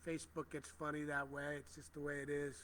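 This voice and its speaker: A middle-aged man hosting a prayer livestream outdoors, speaking gentle, reverent affirmations as he reads viewers' comments aloud over a phone. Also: fairly high pitch, monotone, fast, a little hiss or hum. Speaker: spiritual livestream host.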